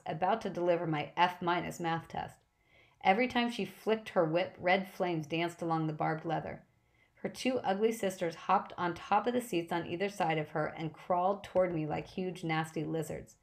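A woman reading an adventure novel aloud as an audiobook narrator, with a lowish voice. Her first-person telling is brisk and lively.

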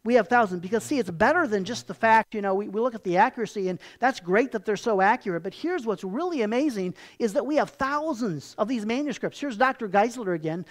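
A pastor preaching a sermon with animated storytelling and emphatic turns. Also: medium pitch, fairly quick, hardly any pauses.

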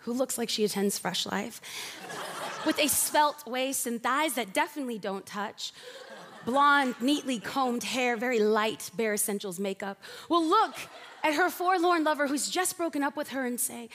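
Woman preacher, high voice, animated and funny, big hall reverb. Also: normal speed, slight background noise. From Mexican and Puerto Rican family. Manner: animated, humorous storytelling. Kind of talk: sermon. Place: church stage. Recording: long reverb of a large hall.

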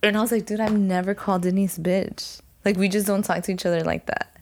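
A woman's voice: medium pitch, steady tone, a little fast. A young woman co-hosting a podcast, laid-back and slangy, talking casually with her friend. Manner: slangy, laid-back, says "dude" and "you feel me". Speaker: podcast co-host. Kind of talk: casual chat.

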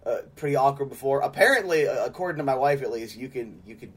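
A man's voice: mid-range voice, animated, quick pace, husky. A man from Arizona talking loosely on a sports podcast. He rambles, packs his sentences with "like" and laughs easily between thoughts. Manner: rambling, heavy use of "like", laughs often. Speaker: podcast co-host. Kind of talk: casual chat.

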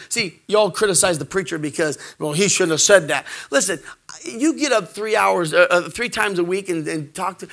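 A middle-aged man preaching a sermon, animated, swinging from shouts to hushed asides and jokes. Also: sits high, gravelly.

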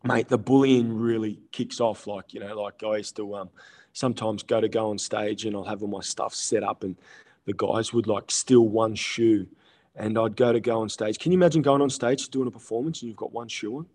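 A man's voice: fairly low pitch, steady tone, normal speed, a little mellow. A young man with an Australian accent, chatting casually as a podcast guest, rambling with lots of fillers and restarts. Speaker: guest, male stripper.

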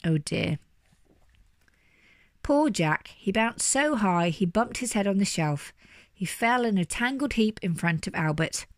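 A woman reading a children's story aloud with lively, animated delivery. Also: mid-range voice, moderate pace, no room sound, studio quality. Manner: animated, doing character voices. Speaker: storybook reader.

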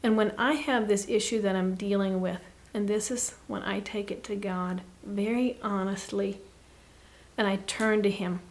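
Earnest soft-spoken woman guest. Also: medium pitch, fairly even intonation, normal speed. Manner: earnest, reflective, often drops to a soft hush. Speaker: podcast guest. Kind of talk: personal faith talk.

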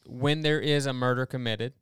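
A man co-hosting a casual Bible study talk, explaining earnestly and speeding up in quick asides. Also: medium pitch, steady tone, fairly bright tone, clean tone, no room sound, clean studio sound. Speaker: podcast co-host.

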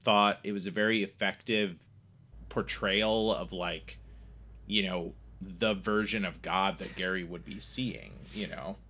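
Low, bright-toned man talking measuredly. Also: steady tone, measured pace. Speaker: podcast co-host. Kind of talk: casual movie podcast chat.

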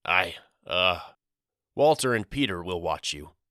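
A man's voice: low-pitched, a little slow, pushed and bright, clear, resonant tone, no echo, studio quality, heavily acted. A man voicing a middle-aged father who stammers and mutters evasively in a storybook reading. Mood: awkward.

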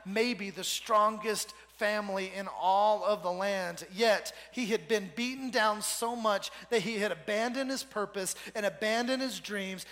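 A male pastor with a high, bright voice preaches with energy. He leads the congregation in call-and-response. His voice carries a long hall reverb. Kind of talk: sermon.

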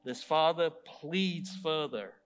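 A man's voice: on the high side, takes it slowly, soft background music. A man preaching a sermon, retelling a story with emphatic rhetorical asides to his congregation.

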